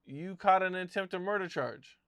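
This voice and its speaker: A man hosting an interview, asking his guest measured, polite questions. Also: high-pitched, fairly bright tone, dry recording, studio quality. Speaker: interview host.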